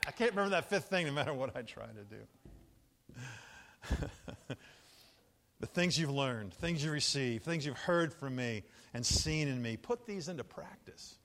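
An older man preaching a sermon in an animated, jokey way, often laughing and acting out quotes. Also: medium pitch, unhurried, pauses often, big-room sound. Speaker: pastor.

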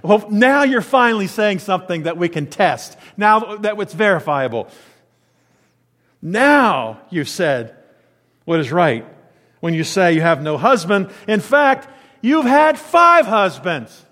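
A man voicing a calm teacher who makes pointed, sarcastic remarks, slowly and deliberately. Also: high-pitched, heavily acted. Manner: slow, deliberate, sarcastic emphasis. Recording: long reverb of a large hall.

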